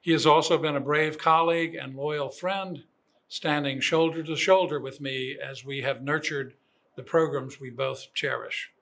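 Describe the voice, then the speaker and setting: An older man, a program director, giving formal commencement remarks in a measured, admiring way. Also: a little high, fairly even intonation, vocal fry, a bit bright. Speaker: program director introducing the speaker.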